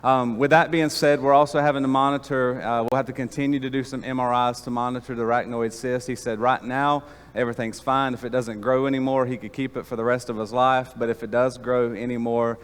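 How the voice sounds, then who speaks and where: A pastor giving a sermon in a church, telling stories in a folksy way with lots of fillers. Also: male voice, medium pitch, level tone, brisk, clear, resonant tone. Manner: folksy storytelling with many fillers. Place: church sanctuary. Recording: long reverb of a church hall.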